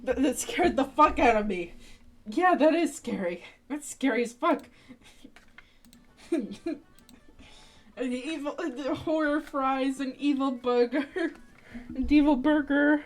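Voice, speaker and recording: A woman's voice: sits high, slow, long pauses. A woman streamer chatting casually on a live stream, rambling, swearing freely and laughing often.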